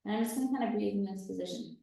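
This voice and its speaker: A woman's voice: medium pitch, racing, creaky, mellow, heavy reverb, distant mic, poor audio. A woman fitness coach leading a workout, cueing breaths as she demonstrates the moves, a little out of breath. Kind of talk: workout instruction.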